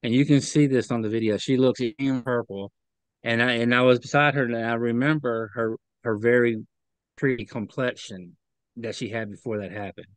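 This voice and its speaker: A man being interviewed as a guest, recounting what he saw in an earnest, halting, emotional way. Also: mid-range voice, fairly even intonation, clean tone, dry recording. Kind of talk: personal recollection in an interview.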